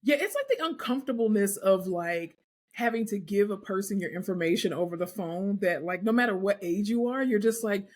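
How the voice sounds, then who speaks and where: A woman co-hosting a podcast in casual chat, with a deep speaking voice, relaxed and full of likes and fillers. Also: fairly quick. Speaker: podcast co-host.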